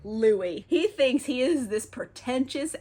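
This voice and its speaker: Young woman, higher-pitched, casual vlog recapper, chatty and sweary. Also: expressive, normal speed, fairly bright tone. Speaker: TV recap vlogger.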